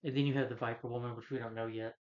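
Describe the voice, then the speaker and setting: A man casually retelling a film's plot as a reviewer, rambling and halting with lots of "you know" and restarts. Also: medium pitch, little pitch movement, a little mellow. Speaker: movie reviewer. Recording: slightly dull lo-fi recording.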